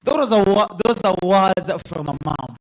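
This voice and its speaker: A man emceeing a live event, loudly urging the crowd to applaud. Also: sits high, animated, measured pace, low-quality recording. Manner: loud and rousing, urging applause. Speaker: master of ceremonies.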